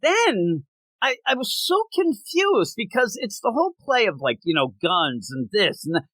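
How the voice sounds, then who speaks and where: A man co-hosting a comics podcast in casual chat, animated and laughing often as he acts out quick voices. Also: high voice, breathy edge, dry recording, poor audio. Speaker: podcast co-host.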